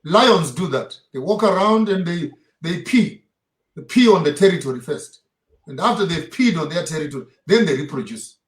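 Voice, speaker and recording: A man's voice: a little high, animated, moderate pace. Emphatic preaching man in an echoey room. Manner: preaching, emphatic, rhetorical questions. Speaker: guest speaker. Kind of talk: impassioned interview talk. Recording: roomy echo.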